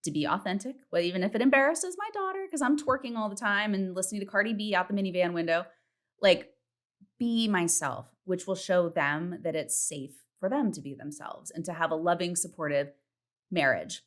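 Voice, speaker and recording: A woman in her thirties hosts a casual solo podcast from home while her partner is in the next room. She's chatty, candid, and animated, swearing freely and acting out her self-talk in a high voice, speaking a little fast.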